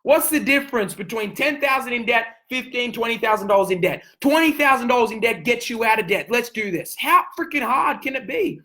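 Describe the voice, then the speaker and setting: A man giving a motivational sales coaching talk, intense and emphatic, hammering points home with repeated phrases and sometimes pushing his voice near a yell. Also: extremely high pitch, expressive, fairly quick, few pauses, rough recording. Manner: raises voice to near yelling at times.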